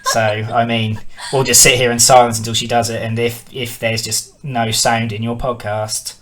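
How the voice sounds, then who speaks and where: A man's voice: mid-range voice, little pitch movement, moderate pace, fairly bright tone. A British man hosting a gaming podcast, chatting casually, teasing his guest and swearing freely. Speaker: podcast host.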